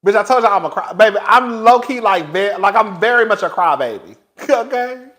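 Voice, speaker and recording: Brief: male vlogger, high voice, animated and dramatic, laughs a lot, chats to listeners as girl. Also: a little fast. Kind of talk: casual storytelling to camera.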